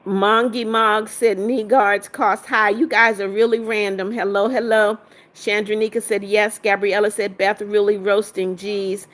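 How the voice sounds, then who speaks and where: A woman's voice: mid-range voice, level tone, a little slow, fairly bright tone. A woman hosting a casual livestream, reading viewers' comments aloud, greeting them and firmly sending out trolls. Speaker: livestream host.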